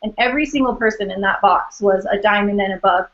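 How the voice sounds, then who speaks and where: A woman's voice: medium pitch, quick pace. A woman talking casually and a little hesitantly to a group on a call. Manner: casual, hesitant, filler-heavy. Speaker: team member sharing advice. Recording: muffled lo-fi call audio.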